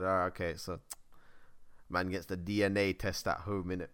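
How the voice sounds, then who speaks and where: A young man hosting a podcast, telling stories excitedly in loose slang. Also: deep voice, fairly quick, clear, resonant tone. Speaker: podcast host. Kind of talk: casual chat.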